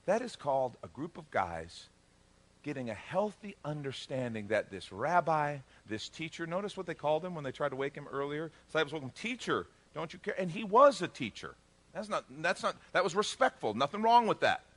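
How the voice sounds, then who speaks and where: A middle-aged man preaching with a high, lively voice that swoops up and down as he acts out each scene. His tone is bright and ringing. He jokes easily with the congregation and slips into the characters' voices as he tells the story. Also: a little fast. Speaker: pastor. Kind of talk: sermon.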